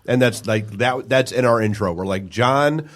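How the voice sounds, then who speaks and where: A man from the Detroit area co-hosting a casual podcast. He tells stories in an animated way, swears freely and breaks into laughter often, in a voice of middling pitch. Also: normal speed. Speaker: podcast co-host. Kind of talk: casual chat.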